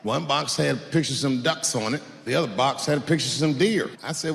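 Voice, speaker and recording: A man in his forties doing a stand-up comedy routine, telling drawling stories that swing between low mutters and sudden high, incredulous yelps. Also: quick pace, vocal fry, few pauses, a bit bright. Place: large theater stage with live audience. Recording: live theater recording with hall reverb.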